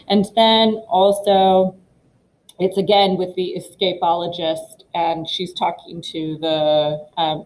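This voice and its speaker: A woman's voice: on the low side, a little mellow, a little hiss or hum, poor audio. A woman drama teacher talking students through audition pieces in a casual, rambling way, with many fillers and restarts.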